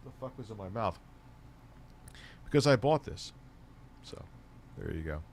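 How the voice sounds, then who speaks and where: A man's voice: fairly low pitch, big pitch swings, unhurried, slight background noise. A man streaming from home, chatting casually, blunt and sarcastic with lots of swearing, and a bit stoned. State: stoned, voice lower than usual. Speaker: streamer and tech commentator. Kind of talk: casual profane live-stream chat.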